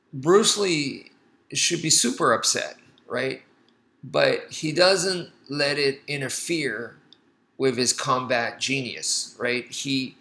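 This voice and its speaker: Bright-voiced male martial arts teacher. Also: medium pitch, poor audio. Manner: reflective storytelling, acts out quoted lines. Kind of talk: casual explanatory talk.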